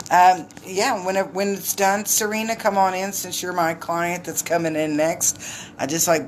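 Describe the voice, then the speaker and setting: A woman's voice: sits low, a little hiss or hum. A middle-aged woman, an intuitive card reader, chatting casually and rambling through a live card reading while greeting viewers.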